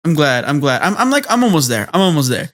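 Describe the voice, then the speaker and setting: A man's voice: a little high, sing-song, fast talker. Rambling man recapping anime. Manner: rambling, lots of fillers, mimics characters in quotes. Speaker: podcast co-host. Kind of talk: casual anime recap chat.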